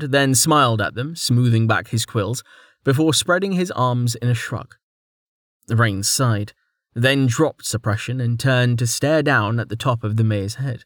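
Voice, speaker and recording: A man narrating a fantasy webnovel as an audiobook with a steady storytelling delivery on a close mic. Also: mid-range voice, no echo. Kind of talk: scripted narration.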